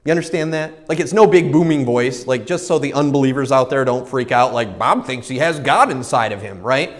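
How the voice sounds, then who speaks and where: A man's voice: mid-range voice, a little fast, big-room sound. A man preaching a sermon as a pastor, telling stories with energy and acting out the voices in his own head. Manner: animated storytelling, acts out his own inner voices.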